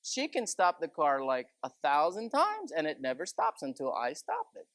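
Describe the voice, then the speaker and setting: A preacher delivers a chatty, folksy sermon packed with stories, asides and plenty of "you know". His voice is on the high side and a bit bright, with wildly swooping pitch, at a moderate pace, recorded with no echo.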